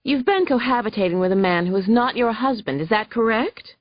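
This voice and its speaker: A snide, huffy courtroom attorney cross-examining a witness, as a woman narrator puts her on, her voice pitched up and clipped with disdain. The read is dry and slightly muffled. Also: animated, brisk, dry recording, close to an everyday voice. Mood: badgering. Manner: huffy, sharp, badgering questions. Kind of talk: audiobook character voice.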